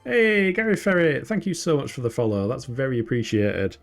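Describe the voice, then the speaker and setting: A man's voice: mid-range voice, a little fast, gravelly, soft background music. A man from the UK with a northern English accent, chatting casually and laughing at himself while streaming a game. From United Kingdom. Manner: chatty and self-mocking, laughs often. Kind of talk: casual gameplay commentary.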